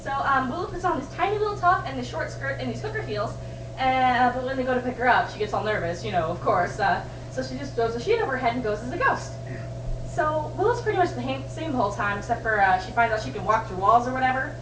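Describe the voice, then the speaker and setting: A woman's voice: sits high, expressive, fast, roomy sound, distant mic, noisy background. An actress playing a chatty young woman who rambles along with lots of fillers. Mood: casual. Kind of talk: indie film acting.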